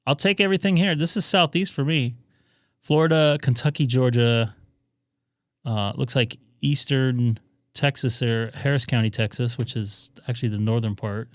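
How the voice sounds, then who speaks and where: A man hosting a casual ham radio live stream from his home radio room, telling stories in an excited, rambling way. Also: mid-range voice, moderate pace, no room sound, studio quality.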